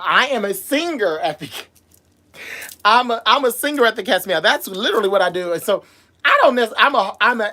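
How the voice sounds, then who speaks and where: A man who performs as a drag MC, hosting a casual livestream from Las Vegas, reading out viewer comments and answering them in an animated, sassy way. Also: high-pitched. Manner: animated and sassy, calls viewers girl and boo, frequent laughs.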